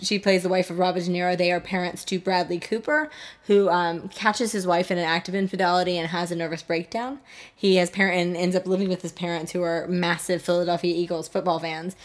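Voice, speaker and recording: A woman with a lowish, fairly even voice speaks briskly as co-host of a casual movie podcast. She chats loosely, trailing off and restarting, and laughs easily.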